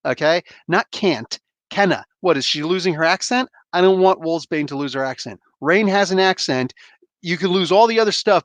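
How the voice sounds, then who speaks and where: Excited man reviewing comics, dry sound. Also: high-pitched, normal speed, no room sound. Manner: enthusiastic, rambling, slangy. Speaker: comic book reviewer host. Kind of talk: casual spoiler review.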